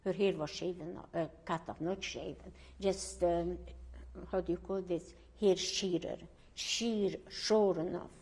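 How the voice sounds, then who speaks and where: A woman's voice: fairly low pitch, steady tone, slow, darkish tone. An older woman giving oral history testimony as a Holocaust survivor, speaking, often searching for words and restarting her sentences.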